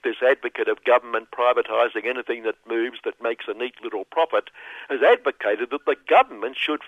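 A man's voice: mid-range voice, creaky, no room sound. A man runs through a mocking satirical radio monologue, every line dripping with sarcasm. The sound is dull and lo-fi, close and dry with no room around it. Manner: sardonic, mocking. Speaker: radio commentator.

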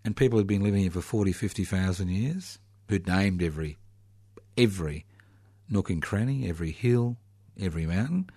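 A man talks through a political monologue in a lowish voice, sardonic and full of rhetorical questions. He slows down to stress key words. The recording is close and dry. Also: animated, mellow, husky, dry recording. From Australia.

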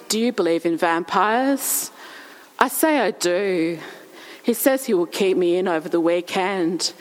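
Measured woman telling a story. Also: fairly low pitch, long reverb tail, poor audio. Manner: plain, measured, matter-of-fact recounting. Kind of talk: first-person spoken narrative.

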